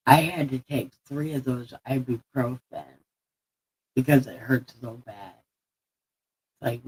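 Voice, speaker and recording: A woman with an extremely low, warm, husky voice rambles on a live stream, slurring and lisping from a sore mouth after having teeth pulled, swearing freely and laughing at herself. The recording is low quality.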